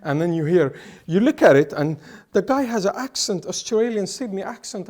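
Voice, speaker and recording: Emphatic man from the Middle East, dark voice. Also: high-pitched, lively intonation, a little fast, few pauses. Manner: emphatic, with frequent restarts and repetitions. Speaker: interview guest. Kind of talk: impassioned political commentary.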